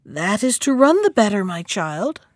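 A woman voicing a sly, wicked, hungry wolf in a storybook reading, sometimes softening her voice. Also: medium pitch, big pitch swings, normal speed, dry recording, clean studio sound.

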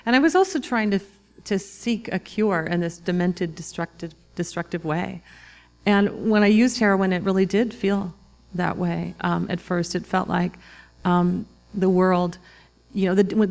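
A woman in her forties, an author telling a personal story to a live audience in a reflective, halting way, with many restarts and fillers. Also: lowish voice, creaky. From Minnesota, US. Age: 40s. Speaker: author giving a talk.

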